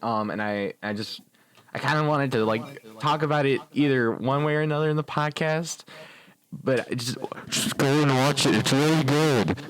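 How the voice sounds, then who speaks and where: A man's voice: medium pitch, moderate pace. A young man co-hosting and editing a podcast, chatting in a laid-back, giggly, joking way. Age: young adult. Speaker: podcast co-host and editor. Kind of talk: casual chat.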